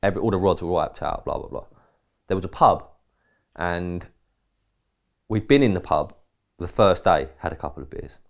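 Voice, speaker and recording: A man from England talks in a very deep, low-pitched voice. He rambles through a casual podcast story, jumping into quoted dialogue and swearing now and then. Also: moderate pace, vocal fry, long pauses. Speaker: podcast co-host.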